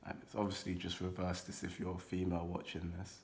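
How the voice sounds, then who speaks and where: A young man talks his viewers through an intuitive card reading in a loose, rambling way, sprinkling in casual swearing. His voice sits deep and low. It stays level, with little rise and fall. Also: monotone, quick pace, darkish tone.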